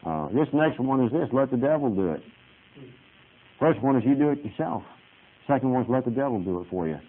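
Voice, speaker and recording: A male Baptist preacher delivers a folksy, storytelling sermon, chatty and plainspoken and full of "amen". His voice sits at a middle pitch. The sound is narrow and tinny, like a sermon heard over a phone line on the radio. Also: lively intonation, fairly quick. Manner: conversational, storytelling, punctuated with "amen".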